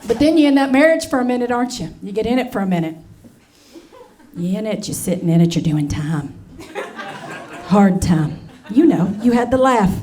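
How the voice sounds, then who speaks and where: A woman's voice: mid-range voice, animated, moderate pace, long pauses, mellow. A woman in her forties doing a stand-up comedy set on stage, brassy and chatty, calling the crowd honey and y'all. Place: comedy stage before a live audience. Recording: live comedy show with crowd laughter.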